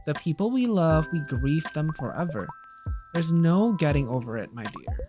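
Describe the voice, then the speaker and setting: A woman voicing a gentle, motherly older woman who comforts a grieving young friend in soft, tender, reassuring lines. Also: low-pitched, pitched above the performer's own voice.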